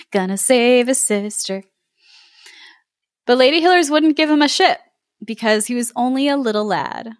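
A woman's voice: fairly high pitch, measured pace, long pauses, no echo, clean studio sound. Giggly woman reading a folk tale. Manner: giggly, reads with lively asides. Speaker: podcast host and reader.

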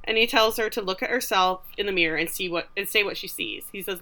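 A woman co-hosting a casual podcast, retelling a TV episode and acting out the characters' lines in animated voices. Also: mid-range voice, quick pace. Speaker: podcast co-host recapping a TV episode. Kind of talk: casual chat.

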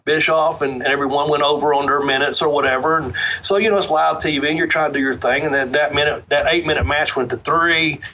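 A man's voice: on the high side, steady tone, fast talker, few pauses, bright, forceful tone. A middle-aged man, a former pro wrestler, telling rambling, profane stories in a laid-back interview. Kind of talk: casual storytelling interview. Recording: dull lo-fi sound.

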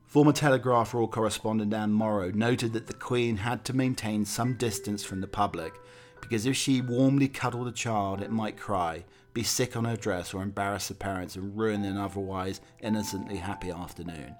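Low-voiced man reading a narration. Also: faint music behind. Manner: steady, measured reading with occasional slips. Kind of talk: scripted narration.

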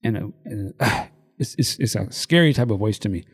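A man's voice: lowish voice, normal speed, husky. A man on a casual podcast, retelling a movie in vivid, profane detail and acting out the quotes. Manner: animated, profane storytelling with acted-out quotes and laughs. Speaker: podcast co-host.

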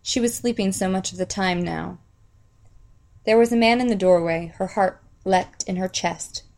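A woman narrates an audiobook in an even, steady way. Her voice sits at a middle pitch. She tells the story plainly and keeps a level delivery. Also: moderate pace, vocal fry.

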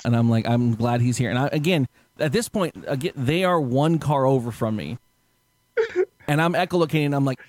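A man's voice: mid-range voice, a little fast, dry recording. A man telling a story in a casual podcast chat, laughing often and acting out the people he quotes. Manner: animated, laughing, acts out quotes loudly.

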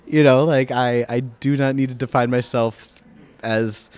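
Earnest man with a smooth voice. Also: mid-range voice, steady tone, moderate pace, a little mellow. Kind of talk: candid interview talk.

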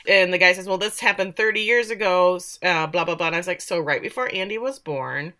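A woman recaps a TV episode for her podcast co-host in a bright, clear voice. She is animated and sarcastic and swears casually as she tells the plot. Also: on the low side, fast talker. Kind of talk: casual chat.

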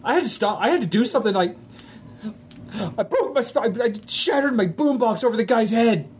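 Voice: medium pitch, animated, a little fast, a little hiss or hum. A tabletop role-play player talking in a rambling way, full of fillers and restarts. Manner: rambling teen-like filler talk.

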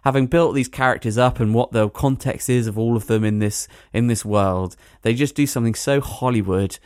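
A man hosting a podcast, reviewing a film in a rambling, animated way with plenty of hedging fillers. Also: medium pitch, normal speed, smooth, dry recording, studio quality. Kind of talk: casual podcast chat.

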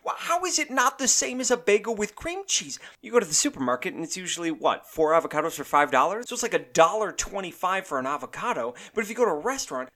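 A man's voice: a little high, sharp tone. A man hosting a comedic show, ranting in exasperation with his voice leaping up in disbelief, then chatting casually with his co-host. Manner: exasperated grumbling, voice jumping up in disbelief. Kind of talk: comedic rant and casual chat.

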